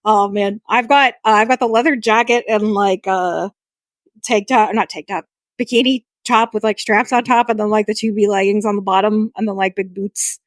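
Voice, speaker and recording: A woman co-hosting a casual gaming podcast, animated and swearing freely as she acts out lines. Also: mid-range voice, normal speed, dry recording. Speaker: podcast co-host.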